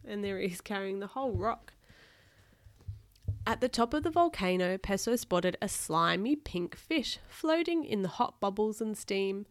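A woman's voice: mid-range voice, lively intonation, a little slow. A woman reading a storybook aloud to a child, with patient, chatty asides between pages.

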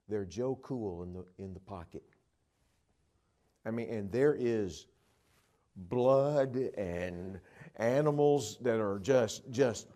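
A man with a voice on the low side preaches a sermon through stories, alternating loud, emphatic delivery with hushed moments.

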